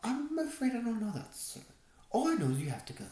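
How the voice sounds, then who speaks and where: A woman's voice: fairly high pitch, huge pitch swings, brisk, mellow, reverberant, slight background noise, voice pushed up. A woman voicing a young male police constable with a Cockney accent, curt and polite but unyielding. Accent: Cockney, put on.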